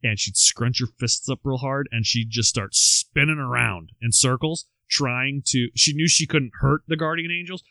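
A man's voice: mid-range voice, moderate pace, creaky, few pauses, pushed and bright, no echo. A man co-hosting a podcast, telling a life story and reading quotes aloud, with wry asides between them. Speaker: podcast co-host. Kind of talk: storytelling chat.

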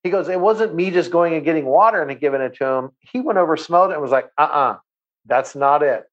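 A guest who runs a water company, a man, tells a long anecdote in casual chat, animatedly acting out the voices he quotes. His voice is on the high side and quick, and the audio sounds dull.

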